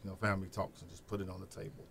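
Animated middle-aged man telling family stories. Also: sits low, rapid-fire, creaky, a little hiss or hum. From Peoria, Illinois. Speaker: guest, Head Start program director. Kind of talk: casual podcast interview.

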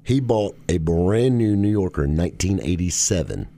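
A man's voice: low-pitched, normal speed, creaky, dry recording. A man co-hosting a casual chat about old cars, telling stories with jokey asides. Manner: animated storyteller, jokey asides.

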